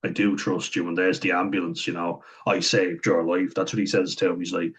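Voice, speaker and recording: A man's voice: low voice, flat delivery, fairly quick, hardly any pauses, breathy edge, poor audio. An Irish man talking through a series in casual commentary, blunt and chatty, acting out the quoted lines as he goes. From Ireland.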